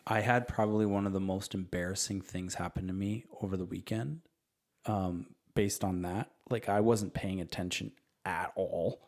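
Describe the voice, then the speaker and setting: A man co-hosting a casual parenting podcast, an animated storyteller who acts out family scenes. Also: low voice, normal speed. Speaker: podcast co-host and father.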